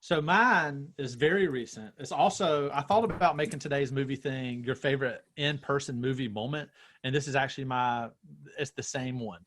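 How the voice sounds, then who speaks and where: A young adult man, a pastor, telling a story with growing excitement in casual chat on a video call. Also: medium pitch, moderate pace. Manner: excited storytelling, self-described nerd.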